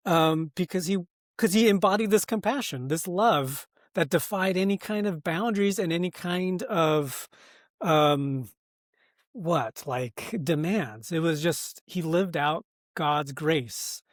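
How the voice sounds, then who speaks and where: Man, American, pastor and guest, earnest and reflective, slightly higher voice, dry close sound. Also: slow, dry recording. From United States. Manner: thoughtful, earnest, many fillers and restarts, laughs often. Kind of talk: conversational podcast interview.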